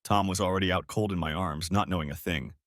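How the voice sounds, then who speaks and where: A man narrating a first-person audio story in a measured, calm manner. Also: sits low, no echo, clean studio sound.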